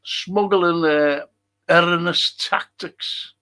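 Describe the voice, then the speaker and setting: A man's voice: a little high, fairly even intonation, takes it slowly, bright, forceful tone, smooth. A man hosting a live fan show, reading viewer comments and ranting bluntly with plenty of swearing. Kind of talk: live-stream chat reading and rant.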